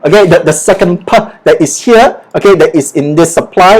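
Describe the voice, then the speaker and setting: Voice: medium pitch, moderate pace, hardly any pauses, low-quality recording. Lecturer with a mid-range voice, running an online class and leading repetition drills. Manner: peppers speech with "okay" and "all right", drills pronunciation by repetition. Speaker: business English lecturer.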